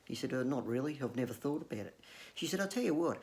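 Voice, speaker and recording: A man's voice: medium pitch, sing-song, quick pace, darkish tone. A man with an Australian accent telling rambling, swear-filled jokes to camera and laughing at his own gags. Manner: hesitant fillers and restarts. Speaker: comedic vlogger.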